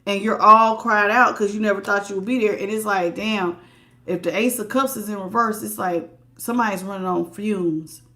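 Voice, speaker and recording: A woman's voice: mid-range voice, steady tone, moderate pace, sharp tone. Chatty woman giving a live tarot reading. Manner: chatty, greets viewers by name while reading; emphatic, repeats words for stress. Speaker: tarot reader.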